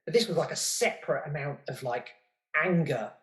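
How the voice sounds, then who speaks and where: A man's voice: on the high side, expressive, a little fast, fairly bright tone. A middle-aged British man talking candidly in an interview, rambling, swearing freely and stumbling over repeated words as he thinks. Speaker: podcast guest and podcast host. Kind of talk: candid casual interview chat. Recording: roomy echo.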